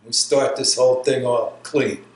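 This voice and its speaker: A medium-pitched, level voice, a little slow, belongs to a New York army veteran in his sixties. He tells his life story in an oral history interview, rambling and laughing as he goes, on a roomy recording with faint hiss.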